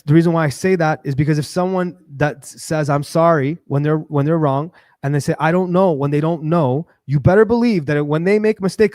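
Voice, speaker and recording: A man hosting his own livestream, talking in a rambling, animated way, full of fillers and restarts. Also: a little high, dry recording, clean studio sound. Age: adult with a daughter. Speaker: livestream host. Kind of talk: casual livestream monologue.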